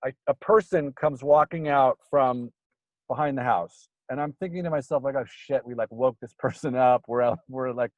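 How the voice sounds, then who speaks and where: A man telling a ghost story in a rambling, casual way, full of fillers, getting animated as it builds. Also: medium pitch, moderate pace, no room sound, highs cut off. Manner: rambling, filler-heavy, gets animated when excited. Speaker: guest storyteller.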